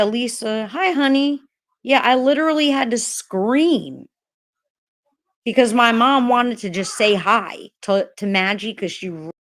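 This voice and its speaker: A woman hosting a casual livestream, greeting viewers by name while rambling, hesitant and upset, with many restarts and swearing. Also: mid-range voice. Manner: frustrated and upset. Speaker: livestream host.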